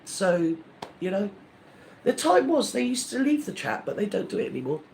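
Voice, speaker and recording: A man's voice: high-pitched, very animated, moderate pace, creaky, darkish tone, slight background noise. A man hosting a live stream, ranting in a rambling, indignant, gossipy way with many restarts.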